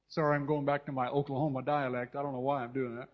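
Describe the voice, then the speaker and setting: Talking fast with barely a pause, a male pastor from California preaches at medium pitch with little movement in his voice. His delivery is fervent and repetitive, full of restarts and asides to the congregation, captured in a dull lo-fi recording.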